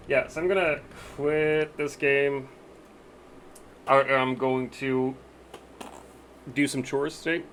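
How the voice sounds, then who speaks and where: A man's voice: mid-range voice, a little hiss or hum. A man live-streaming a game, chatting casually with his viewers and thinking aloud about what to buy.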